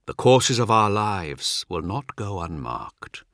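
A man voicing a grand, scheming ageless man for an audiobook, speaking slowly and grandly. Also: on the low side, sing-song, a bit bright, no echo, studio quality, full character voice. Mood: grandiose. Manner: slow, grandiose.

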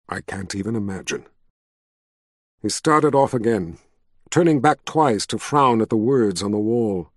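Steady male audiobook narrator, dry sound. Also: medium pitch, no echo. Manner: steady, measured storytelling. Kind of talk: scripted narration.

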